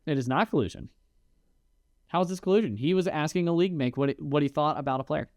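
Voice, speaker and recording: A man's voice: a little high, quick pace, no room sound, clean studio sound. A man co-hosting a podcast in a casual, joking chat with a friend. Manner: animated, joking banter. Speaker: podcast co-host. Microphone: podcast mic.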